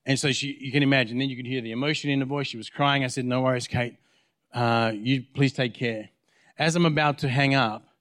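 Male pastor, mid-pitched, storytelling sermon, acts out dialogue, dry close sound. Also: fairly bright tone, dry recording. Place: church.

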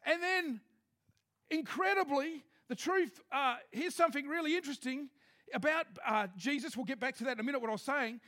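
A man preaching a sermon to his congregation in a lively, joking, conversational way. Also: extremely high pitch, fairly quick. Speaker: pastor. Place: church hall with a congregation.

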